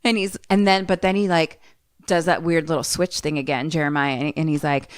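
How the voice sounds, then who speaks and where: A woman's voice: low-pitched, fairly even intonation, brisk, smooth, no room sound. A woman co-hosting a podcast, animatedly retelling a film scene by scene, acting out the characters and swearing freely. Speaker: podcast co-host. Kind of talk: casual chat, retelling a film.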